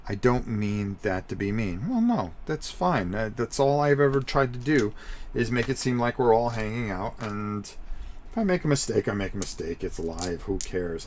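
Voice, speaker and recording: Man, middle-aged, casual rules walkthrough, lively up-and-down voice, repeats himself, talks straight to viewers. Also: lowish voice, a little hiss or hum. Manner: rambling, repeats himself, chatty asides to viewers. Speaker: tabletop game host.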